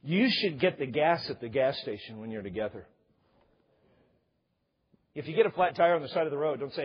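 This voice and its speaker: A man's voice: mid-range voice, expressive, fairly quick, pauses often, slightly rough, muffled recording. A middle-aged man preaching a sermon with jokes, often putting on the voices of husbands and wives. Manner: joking, acts out couples' voices. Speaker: pastor. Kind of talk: humorous sermon.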